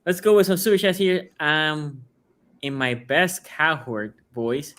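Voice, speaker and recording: A man's voice: on the high side, a little slow, a bit bright. A man hosting a casual sports podcast, chatty and often tagging his points with "right?". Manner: chatty, peppers talk with "right?". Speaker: podcast host.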